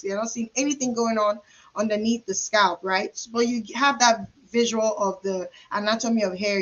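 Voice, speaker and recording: Woman, mid pitch, coaching trainees over a slightly muffled webinar feed, chatty and emphatic. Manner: conversational, emphatic repetition, acts out client dialogue. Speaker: trichologist and career coach. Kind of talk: live webinar teaching. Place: private hair practice suite.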